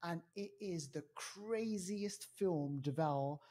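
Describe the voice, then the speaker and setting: A man chats his way through a film review on a podcast. His voice is mellow and a little husky, and he rambles with plenty of fillers in an animated, easygoing way. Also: on the high side, takes it slowly. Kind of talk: casual chat. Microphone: podcast mic.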